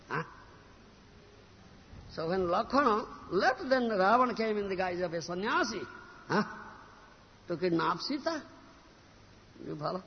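A man's voice: sits high, animated, unhurried, pauses often. A man giving a sermon that retells a scripture story, often checking his listeners with a questioning "huh?", heard in a reverberant hall on a dull lo-fi recording with a faint hum. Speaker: preacher.

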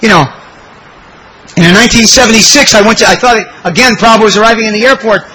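A man telling a devotional story in a sermon, animated and exclamatory, acting out the people he quotes. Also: high-pitched, fast, poor audio. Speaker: devotional speaker.

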